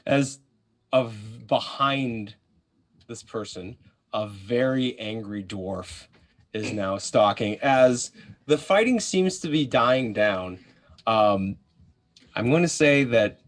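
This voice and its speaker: A man's voice: medium pitch, lively intonation, takes it slowly. Man narrating as a casual game master. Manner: casual, swears, voices characters. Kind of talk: narrating a live tabletop game.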